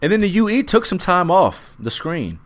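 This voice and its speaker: A man co-hosts a wrestling podcast in a high-pitched, sing-song voice. He's easygoing and profane, and his recaps are long and drawn out.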